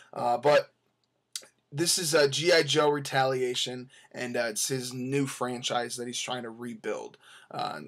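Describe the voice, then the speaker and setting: A young man talking casually as he reviews a movie, rambling along with many fillers and restarts. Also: mid-range voice.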